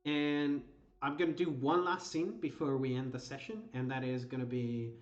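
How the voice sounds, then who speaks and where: A man's voice: medium pitch, little pitch movement, moderate pace. A man running a tabletop role-playing game as game master, narrating with frequent hesitations. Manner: hesitant, many uhs and restarts. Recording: roomy lo-fi mic.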